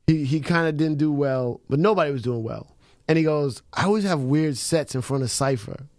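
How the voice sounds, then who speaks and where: Slightly high-voiced male radio co-host. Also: a little mellow, no room sound, clean studio sound. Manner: casual and profane, full of quick agreements. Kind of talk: casual radio interview chat. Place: radio studio.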